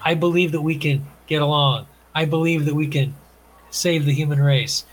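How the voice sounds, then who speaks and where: A man's voice: fairly high pitch, steady tone, moderate pace, poor audio. A man, an author and guest, talking earnestly and emphatically in a casual conversation.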